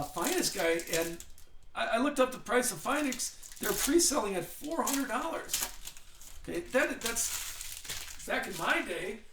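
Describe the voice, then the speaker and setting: A man's voice: high voice, background noise. An older man hosting a live card break, chatting in a rambling way as he reads out player names. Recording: echoey room.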